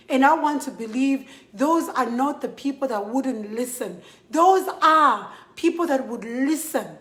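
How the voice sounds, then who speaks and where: A young woman with a Zambian accent delivers an impassioned appeal straight to the camera, emphatic and repetitive as she pleads and scolds. Her voice sits high, and the room around her echoes. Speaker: model speaking out.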